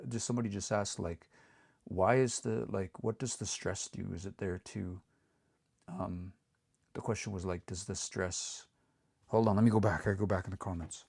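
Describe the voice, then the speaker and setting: A man teaching pronunciation on a livestream, repeating words slowly and coaching learners to say them out loud. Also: fairly low pitch, vocal fry, dry recording, clean studio sound. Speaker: language teacher.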